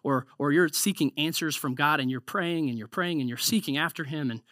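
A man's voice: fairly high pitch, a little fast, a bit bright, dry recording, clean studio sound. A man preaching a conversational sermon, often repeating words and saying "like".

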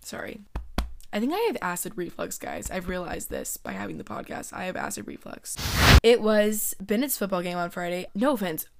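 A woman's voice: lowish voice, sing-song, normal speed, heavy background noise. A young woman hosting a podcast, telling a personal story in a chatty, casual way, full of "like" and swearing. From American South. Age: young adult. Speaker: podcast host.

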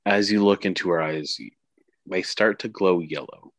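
A man's voice: sits low, normal speed, dry recording. A man narrating as game master, with hesitant delivery full of fillers.

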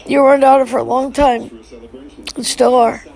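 A middle-aged woman addresses her family during a live stream, her words emotional and faltering, interrupted by sighs and fresh starts. She sounds unusually high for a woman, with a gravelly fry beneath, a slightly mellow quality, and little pitch movement. The recording quality is low.

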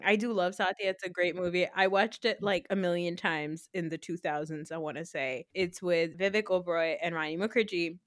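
A woman with a slightly low voice talks through films in a relaxed podcast chat, quick to laugh. She retells scenes at length with real enthusiasm. The sound is close and dry, with no room around it. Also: no echo. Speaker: podcast co-host. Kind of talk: casual film chat.

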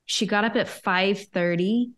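Lively woman telling a personal story. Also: mid-range voice, a little slow. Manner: lively, self-quoting, chatty with frequent "like". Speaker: guest, coach to entrepreneurs. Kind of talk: personal storytelling in a podcast interview.

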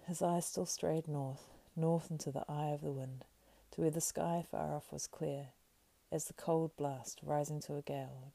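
A woman reads a fantasy story aloud, slow and hushed, slipping often into breathy whispers. Her voice is very low and dark with a gravelly creak. The sound is close and dry. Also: dry recording. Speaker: reader. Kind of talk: soft, partly whispered fantasy book reading.

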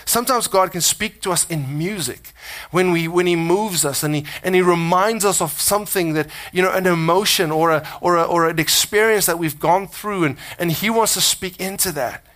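A man preaching a conversational sermon as a pastor, earnest and animated, often restarting and repeating words as he talks. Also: high voice, normal speed.

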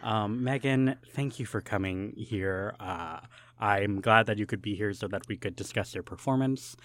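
A man co-hosting a casual comedic podcast, playful and jokey, with mock-formal asides and bursts of loud excitement. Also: lowish voice, moderate pace, no room sound. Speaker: podcast co-host.

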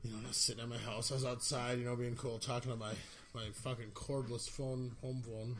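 A man's voice: medium pitch, flat delivery, fairly quick, fairly bright tone, slight background noise. A man from North Dakota co-hosting a podcast, telling a rowdy story in casual chat, swearing and acting out the quotes. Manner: profane storyteller, acts out quotes. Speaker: podcast co-host.

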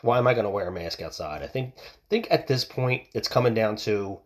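A man's voice: on the low side, animated, a little fast. A man hosting a show from home, ranting bluntly with plenty of swearing and restarts, into a home mic that picks up outside noise. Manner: blunt, profane, fired-up ranting with many restarts. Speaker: podcast host. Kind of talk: casual opinion rant.

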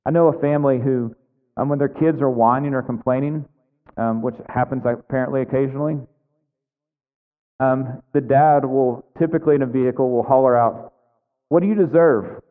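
A man's voice: medium pitch, steady tone, fairly quick. Earnest male pastor preaching in a reverberant hall. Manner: earnest preaching, rising to fervent emphasis. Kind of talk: sermon. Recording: phone-like sound with long hall reverb.

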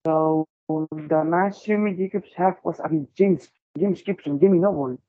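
Husky man on a tinny line. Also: fairly high pitch, unhurried. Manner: brief prompts, lists dates and matches. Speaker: interview host. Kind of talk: interview questions, reading match listings.

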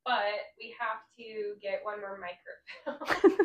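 A young adult woman co-hosting a casual podcast chat, playful and quick to laugh, recorded on a phone. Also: mid-range voice, steady tone. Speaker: podcast co-host.

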